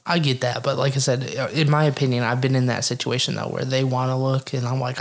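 A young man with a gravelly, creaky voice, talking loosely and profanely with a friend. He laughs a lot and jumps into quoted voices as he tells a story. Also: mid-range voice, flat delivery, fast talker. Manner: laughs often, acts out quoted lines. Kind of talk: casual profane chat.

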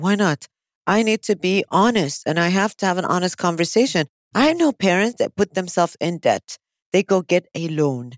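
A woman hosts a casual podcast as a psychologist, speaking frankly with emphatic asides. Her voice sits low for a woman. The sound is dry and close. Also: animated, moderate pace, no room sound. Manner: frank, emphatic, many affirming interjections.

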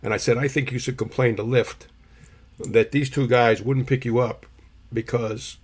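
A man, co-hosting a podcast, tells rambling stories in a husky voice and keeps clearing his irritated throat. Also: mid-range voice, steady tone, normal speed. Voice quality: gravelly, husky. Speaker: podcast co-host. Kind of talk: casual storytelling chat.

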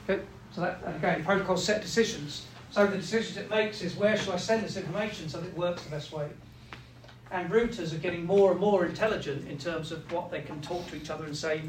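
A teacher with a high, light voice walks a class through a topic step by step, stopping to ask "right?" and voicing the machines he describes. His voice echoes around a roomy classroom, with a faint hum underneath. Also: fairly even intonation, brisk. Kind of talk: classroom lecture.

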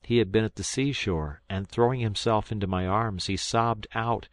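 A man from South Carolina narrating a public-domain audiobook in a measured, steady reading. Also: lowish voice, dry recording. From South Carolina, United States. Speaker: volunteer audiobook reader.

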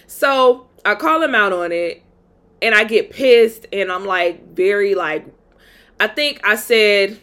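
A woman's voice: mid-range voice, normal speed, a bit bright. Chatty young woman telling a story. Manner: candid and chatty, frequent "like" fillers. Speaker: podcast host. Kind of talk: casual storytime monologue.

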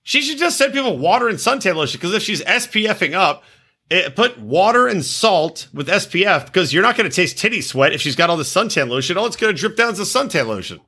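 A man riffs crudely through podcast banter, loud and joking. His voice sits a little high and sounds bright and forceful, swinging widely in pitch. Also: very animated, quick pace, slightly rough. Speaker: podcast co-host.

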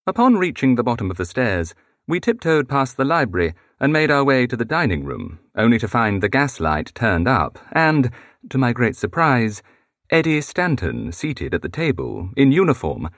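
An audiobook narrator reads a historical novel aloud, shifting his pitch to give each character a distinct voice. The recording is studio quality with no echo.

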